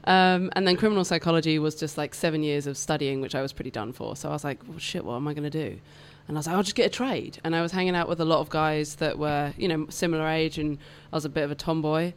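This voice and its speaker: A woman's voice: deep voice, fairly even intonation, fast talker, hardly any pauses, smooth. A British woman in her thirties, a podcast guest telling her story in candid, chatty conversation with easy laughter in a radio studio. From United Kingdom. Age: 30s. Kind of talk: casual interview chat.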